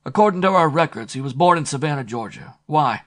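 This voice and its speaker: A man's voice: a little high, animated, fairly quick, a bit bright, voice pushed up. Guarded, reluctant guy, raised and tense, male reader doing him. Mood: wary. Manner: wary. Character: wary, reluctant male acquaintance.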